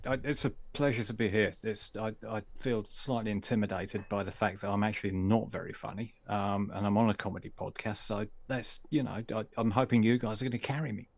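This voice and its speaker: Dry-joking British man, gravelly low voice. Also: fairly even intonation, brisk, hardly any pauses. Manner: self-deprecating, dry joking. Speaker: guest. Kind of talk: casual comedy podcast chat.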